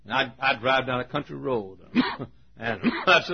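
An older man with a Southern US accent, preaching in a folksy, animated storytelling style. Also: mid-range voice, a little slow, vocal fry, slightly rough. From Southern United States. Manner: folksy, animated, hollers and laughs. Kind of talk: storytelling sermon. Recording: dull lo-fi recording.

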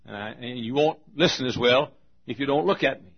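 A man preaching a sermon as pastor to his congregation, slow and emphatic, repeating key phrases and urging the listeners to pay attention. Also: medium pitch, husky, muffled recording. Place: large auditorium.

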